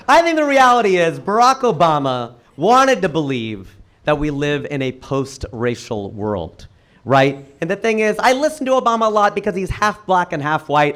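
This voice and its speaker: A male stand-up comedian from Cincinnati performing on a live stage with a handheld mic, delivering punchy jokes and rhetorical questions in an animated way. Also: a little high. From Cincinnati, United States.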